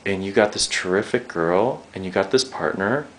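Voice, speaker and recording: Low-voiced young guy rambling through an interview, swears a lot, gets emotional. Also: normal speed, fairly bright tone, a little hiss or hum.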